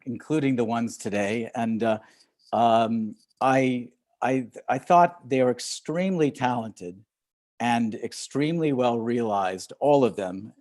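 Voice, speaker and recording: A guest speaker and film director, this older man addresses an audience in a relaxed video-call talk. He has a medium-pitched, somewhat mellow voice and speaks hesitantly, with frequent fillers, restarts and chuckles.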